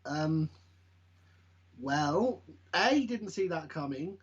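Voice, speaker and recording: Husky man with dry sarcasm. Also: fairly high pitch, animated, extremely slow. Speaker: podcast co-host. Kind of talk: casual chat. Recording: dull lo-fi mic.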